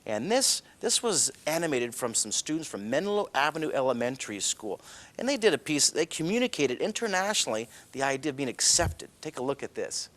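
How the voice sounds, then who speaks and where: A man's voice: mid-range voice, sing-song, brisk, a bit bright. A middle-aged cartoonist leads a children's drawing lesson with bouncy enthusiasm. He chuckles and spins little stories as he sketches, in a mid-range man's voice.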